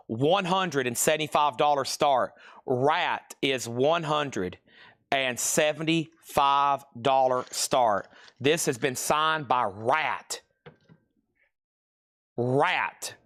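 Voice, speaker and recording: A man's voice: fairly high pitch, a bit bright. A man hosting a live vinyl sale stream from a record shop, reading off titles and prices and exclaiming at rare finds. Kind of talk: live-stream sales patter.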